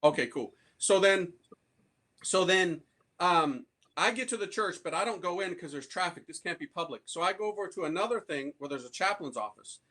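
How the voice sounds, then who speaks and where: A man's voice: sits high, animated, normal speed, pushed and bright. A man telling a personal story in slangy, street-style speech, acting out the voices of the people he quotes and laughing often. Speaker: priest telling his conversion story. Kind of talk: animated storytelling talk.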